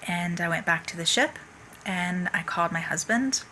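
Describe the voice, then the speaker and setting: A woman's voice: lowish voice, expressive, moderate pace, sharp tone, a little hiss or hum. A woman in her thirties, an interview guest, telling a personal story in an earnest, tumbling way with little asides. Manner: earnest, tumbling narration with asides and self-quoting.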